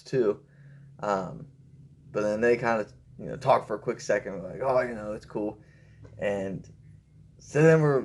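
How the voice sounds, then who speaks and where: A young man rambling through a personal story with lots of fillers, raising his pitch when he quotes people. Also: a little mellow. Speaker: vlogger telling a story. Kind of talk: casual storytelling.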